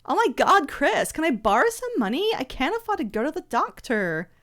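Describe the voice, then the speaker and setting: A woman's voice: high voice, big pitch swings, normal speed, a bit bright, pitched above the performer's own voice. A woman putting on an exaggerated valley girl accent to voice a bubbly teenage monster girl from a game. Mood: gushing. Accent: Californian valley girl. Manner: exaggerated, gushing.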